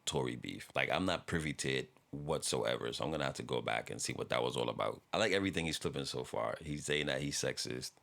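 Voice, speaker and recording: Man, extremely low voice, laid-back rambling reaction talk, swears casually. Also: fast, creaky, few pauses, fairly bright tone. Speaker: reaction video host.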